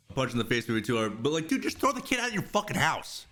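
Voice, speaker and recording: Profane ranting man with a lively voice. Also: mid-range voice, fast talker, hardly any pauses, faint music behind. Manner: profane, loud, sarcastic outbursts. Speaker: streamer commentator. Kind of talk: ranting reaction commentary.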